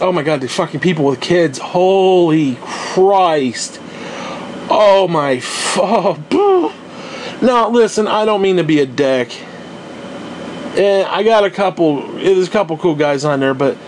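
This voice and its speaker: A man's voice: high-pitched, a little hiss or hum. A young man hosting a podcast, ranting in a casual, profane, exasperated and rambling way. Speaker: podcast host.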